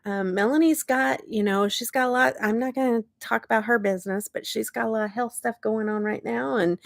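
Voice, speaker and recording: Beauty vlogger: middle-aged woman, chatty, laughs a lot, medium pitch, dry. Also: creaky, darkish tone, dry recording. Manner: chatty and bubbly, laughs often, greets viewers by name. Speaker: beauty YouTuber. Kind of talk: casual live-stream chat. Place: bedroom, in bed.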